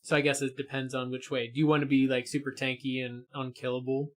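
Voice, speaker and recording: A man's voice: medium pitch, flat delivery, quick pace. Rambling man explaining game builds. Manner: hesitant, many fillers and restarts, explaining game builds. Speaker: co-host of a gaming stream. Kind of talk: casual chat while gaming.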